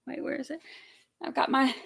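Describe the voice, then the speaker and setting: A woman hosting a casual livestream, sick with a scratchy throat, talking softly and clearing her throat often. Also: moderate pace, no room sound. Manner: soft-spoken, frequent throat clearing. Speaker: livestream host.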